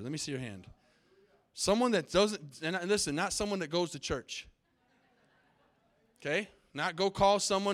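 A man's voice: high-pitched, normal speed, fairly bright tone. A middle-aged man preaching a sermon as pastor from the pulpit, emphatic, with call-and-response to the congregation. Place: church sanctuary.

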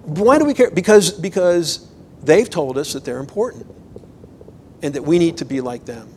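A man, a pastor, preaching a sermon in a conversational, animated way, with emphatic bursts. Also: a little high, moderate pace, slight background noise, rough recording.

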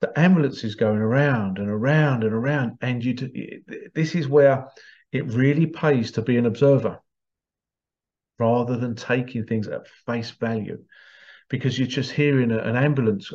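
Man, mellow voice, rambling monologue, muffled lo-fi recording. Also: medium pitch, moderate pace. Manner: rambling and emphatic, repeats himself. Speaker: hypnotherapist giving his views. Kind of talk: casual monologue. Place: small stuffy room. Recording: slightly dull lo-fi sound.

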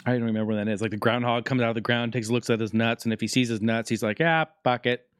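A man's voice: mid-range voice, rapid-fire, dry recording, clean studio sound. Profane jokey man hosting a show. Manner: profane, jokey, animated storytelling. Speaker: podcast host. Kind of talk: casual rambling monologue.

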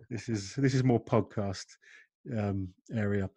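A man with a husky voice hosting a casual podcast chat in an easygoing way. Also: lowish voice, slow, mellow, no room sound. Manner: easygoing, frequent fillers. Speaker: podcast host.

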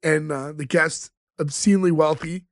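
A man's voice: a little high, fairly even intonation, moderate pace, no room sound, clean studio sound. A man co-hosting a podcast in casual chat, retelling scenes and acting out quoted lines. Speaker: podcast co-host.

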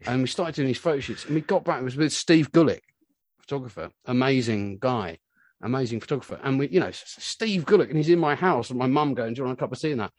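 A man in his forties, a musician being interviewed, telling stories in a rambling, animated way with lots of filler words. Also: mid-range voice, no room sound. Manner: rambling, animated storytelling full of "you know". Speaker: musician guest. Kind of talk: casual interview chat.

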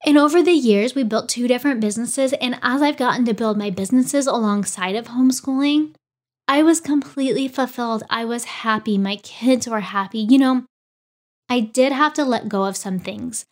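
Lively woman telling a personal story. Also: on the high side, moderate pace. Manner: animated, acts out quoted dialogue. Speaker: podcast host.

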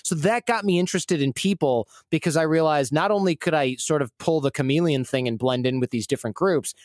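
A Michigan man in his forties, on as a guest, tells stories in a casual, rambling, self-deprecating way. His voice is a little high and brisk, captured in clean studio sound with no room noise.

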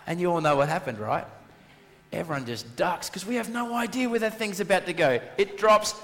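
A man's voice: high-pitched, a little fast. A married male pastor preaching a sermon, telling stories animatedly and acting out voices. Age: adult, married. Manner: animated storyteller, acts out voices, repetition for emphasis. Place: church hall. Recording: long reverb of a church hall.

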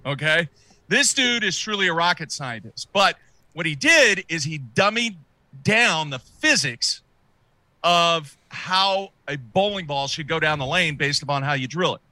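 A man with a high, very bright voice, telling a story in casual chat. He is animated and often repeats and restarts his words. The sound is dry and close. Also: measured pace, no room sound. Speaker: podcast guest.

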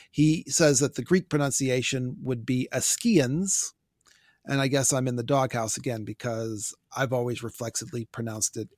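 Male podcast host, mid pitch, dry close sound, wry and wordy, trips on words. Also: a bit bright, no room sound. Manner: wordy, stumbles over pronunciations, wry. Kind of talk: casual book discussion, reading listener notes.

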